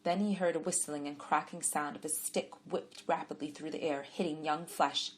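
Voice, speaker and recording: A woman narrating a short story in a calm, measured storytelling voice. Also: deep voice. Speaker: audiobook narrator. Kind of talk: scripted narration.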